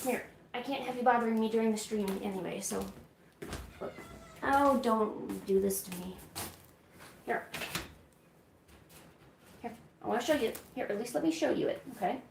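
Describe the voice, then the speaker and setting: A woman with a slightly high voice and a gravelly edge coaxes her cats in a casual, sing-song way, as if chatting during a stream. The room is echoey, and faint hiss sits under her voice. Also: moderate pace, long pauses. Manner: coaxing pet talk, often high and sing-song. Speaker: livestream host.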